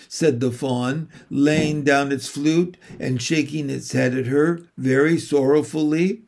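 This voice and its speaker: A man reading a children's novel aloud in a measured, unhurried way. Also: fairly high pitch, fairly even intonation, creaky, darkish tone. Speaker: narrator. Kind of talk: audiobook reading.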